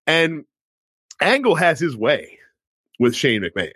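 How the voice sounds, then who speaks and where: Lively man recapping wrestling with a friend. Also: on the high side, moderate pace, husky, no room sound, studio quality. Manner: animated storytelling, acts out wrestlers' lines, swears casually. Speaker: podcast co-host. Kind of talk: casual wrestling recap chat.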